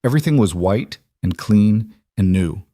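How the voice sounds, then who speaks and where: A man reading a western story aloud in a measured, scripted narration. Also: fairly low pitch, animated, mellow, no echo, clean studio sound.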